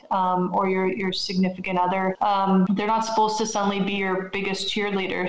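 Encouraging woman in a roomy space. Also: mid-range voice. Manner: encouraging, advice-giving. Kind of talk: casual podcast chat.

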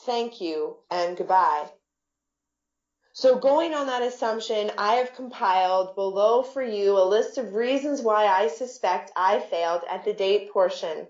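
A woman's voice: medium pitch, highs cut off, lightly acted. A woman voicing an awkward, blunt adult man who makes oddly formal remarks, read in an echoey room.

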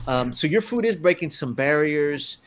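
A man's voice: a little high, expressive, moderate pace, music in the background. A man hosting a conversational interview, enthusiastic, mixing Spanish words into his English. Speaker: host.

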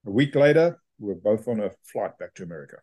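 Guest: South African man in his fifties, low voice, relaxed storyteller. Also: fast. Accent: South African with Australian tones. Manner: chatty, self-amused, with hesitations. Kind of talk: casual interview storytelling.

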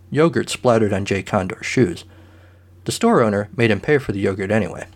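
Dry, matter-of-fact male storyteller. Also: mid-range voice. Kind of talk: scripted narration of a comic short story.

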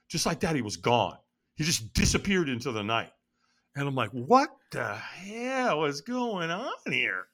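A man tells a personal story as an interview guest, building it up dramatically. His voice is bright and swings widely in pitch. He draws the listener along through each turn of the story. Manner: animated, dramatic retelling.

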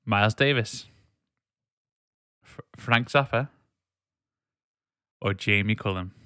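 A man's voice: lowish voice, slow, pushed and bright, clear, resonant tone, no echo, clean studio sound. A man, hosting a casual podcast quiz in a joking, teasing way. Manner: joking, teasing, reads quiz quotes aloud. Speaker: podcast host running a quiz. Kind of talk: casual chat.

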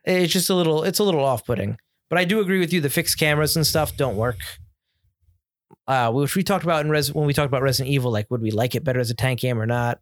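A man's voice: mid-range voice, fast talker, dry recording. Opinionated man in dry casual chat. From United States. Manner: opinionated, rambling with restarts. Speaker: podcast co-host. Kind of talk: casual chat about video games.

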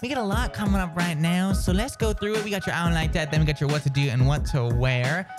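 A man's voice: a little high, fast talker, over loud music. A man hosting a morning radio show, playful, teasing and self-mocking. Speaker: radio host. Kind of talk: casual morning radio banter.

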